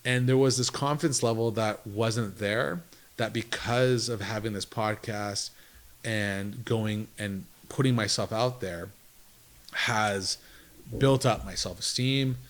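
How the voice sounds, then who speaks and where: A man with a lowish voice speaks slowly as a business owner guest in a casual interview. He tells rambling stories, jumps between thoughts and acts out what other people told him.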